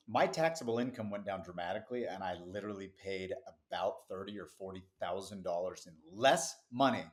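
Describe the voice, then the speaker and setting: A middle-aged business founder, a man, telling a lively story as a podcast guest, with quick asides and easy laughs. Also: lowish voice. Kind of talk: casual interview storytelling.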